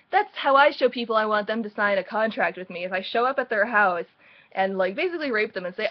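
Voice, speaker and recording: A woman's voice: mid-range voice, lively intonation, quick pace, lo-fi sound. A woman recapping book chapters in a casual, rambling way, full of sarcastic and mocking asides. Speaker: book reviewer.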